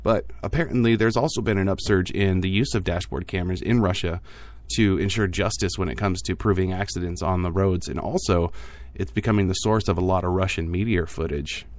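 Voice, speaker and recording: Casual podcast host, male, deep voice, jokey offhand delivery. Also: fairly quick, few pauses, dry recording. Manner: jokey, offhand asides with frequent fillers. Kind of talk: casual tech news podcast.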